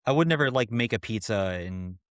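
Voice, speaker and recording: A man's voice: on the low side, animated, fairly quick, clear, resonant tone, no echo, studio quality. A man co-hosting a podcast in casual chat, hesitant and trailing off at times. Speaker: podcast co-host.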